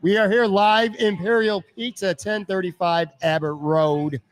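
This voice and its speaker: A man's voice: sits high, steady tone, unhurried. Man hosting a live podcast. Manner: rambling questions with fillers. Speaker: podcast host. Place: pizza restaurant.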